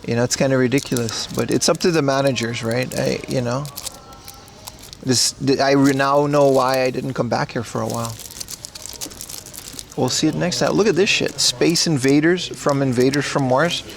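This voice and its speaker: Gravelly joking man livestreaming in a shop. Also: medium pitch, fairly even intonation, normal speed, slight background noise. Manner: rambling, joking, talks to chat while browsing. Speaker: streamer. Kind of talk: casual IRL livestream commentary. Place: indoors in a secondhand electronics shop.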